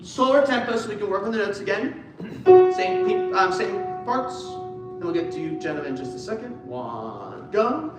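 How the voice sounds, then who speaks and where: A man's voice: sits high, very animated, normal speed. A man working as a choir director, coaching singers in rehearsal in an upbeat, encouraging way and singing lines to show them. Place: large echoey rehearsal room. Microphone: distant room mic. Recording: echoey room from far off, with piano. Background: piano and choir.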